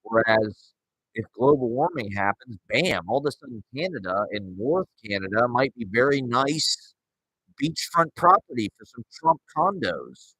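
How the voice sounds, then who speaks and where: A man's voice: medium pitch, expressive, unhurried, pushed and bright, slightly rough, dry recording, low-quality recording. A man in his forties rambling and ranting sarcastically and profanely as he hosts his show solo. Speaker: podcast host. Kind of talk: solo casual rant.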